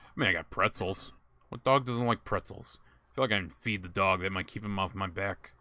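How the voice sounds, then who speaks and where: Young male streamer, low bright voice, casual running commentary over gameplay. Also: brisk, dry recording. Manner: chatty, thinks aloud, laughs at himself. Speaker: streamer playing a game.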